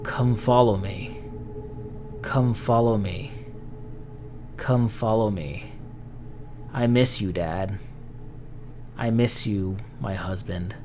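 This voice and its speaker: A man voicing the luring ghostly voice of a dead wife and child, calling slowly and partly in whispers. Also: on the low side, a little mellow, slight background noise.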